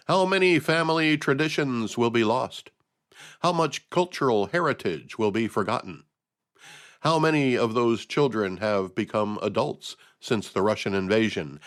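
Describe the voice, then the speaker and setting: A man hosting a podcast, reading a scripted news commentary with dry, sardonic humor. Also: mid-range voice. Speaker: podcast host.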